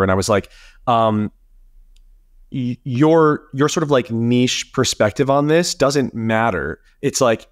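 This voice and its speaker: A man co-hosting a podcast in casual chat, talking animatedly and swearing, his pitch jumping up when he gets indignant. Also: no room sound, clean studio sound. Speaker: podcast co-host.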